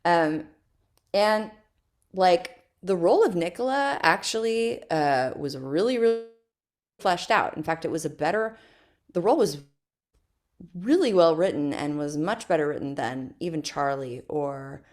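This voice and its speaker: A woman with a notably low speaking voice chats as an interview guest. She tells her stories in an animated, casual way and breaks into laughter often. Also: measured pace. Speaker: guest, stage actress.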